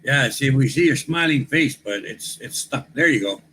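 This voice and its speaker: A man's voice: medium pitch, animated, moderate pace, bright, forceful tone, a little hiss or hum, rough recording. Wisecracking man telling anecdotes. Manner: joking, tells wry anecdotes. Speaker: co-host. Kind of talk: casual livestream chat.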